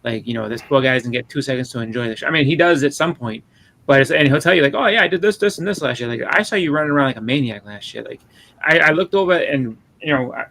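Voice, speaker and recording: A man with a thick Boston accent chats as a podcast host. He talks fast and circles back over his own words, and his voice has a gravelly edge. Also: medium pitch, a bit bright, low-quality recording. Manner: rambling, repeats words while talking. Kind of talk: casual chat.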